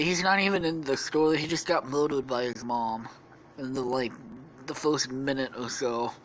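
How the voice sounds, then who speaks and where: A man's voice: mid-range voice, a bit bright, slight background noise. A man hosting a podcast, rambling through an improvised comedy story with lots of swearing and laughter. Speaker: podcast host.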